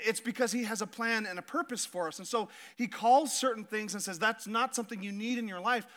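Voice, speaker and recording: A male pastor preaching a sermon, telling stories with animation and slowing down to stress his points. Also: high voice. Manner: storytelling, animated, builds to emphatic slow points. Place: church stage.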